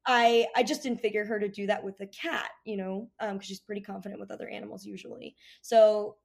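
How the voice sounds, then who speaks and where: A woman answering interview questions about training her dog, animated and acting out cheerful voices. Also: medium pitch, fairly quick, creaky.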